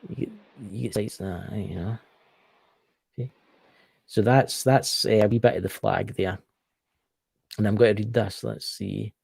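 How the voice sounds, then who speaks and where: A Scottish man with a gravelly voice chats casually on a live stream, reading history aloud. He trips over words and jokes with mock outrage. The sound is dry and close. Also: on the low side, fairly even intonation, normal speed, long pauses, darkish tone, no echo. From Scotland. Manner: stumbling, jokey, exclaims in mock outrage.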